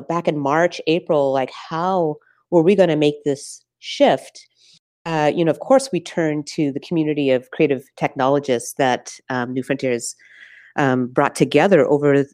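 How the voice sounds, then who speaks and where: A woman who works as a festival programmer, answering interview questions thoughtfully and often pausing on "uh" and "um". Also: sits low, darkish tone, dry recording, studio quality. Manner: thoughtful, searching, many "uh" and "um" pauses.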